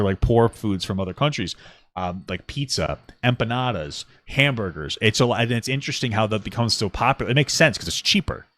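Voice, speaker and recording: A man co-hosting a podcast, chatting casually and sarcastically while reacting to a clip. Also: lowish voice. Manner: animated, sarcastic, joking. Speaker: podcast co-host.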